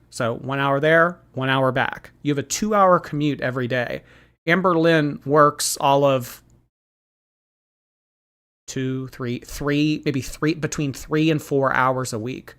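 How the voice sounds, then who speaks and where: A man hosting a livestream, reading viewer messages aloud and gossiping in a chatty, animated way with lots of fillers. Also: on the high side. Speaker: livestream commentary host.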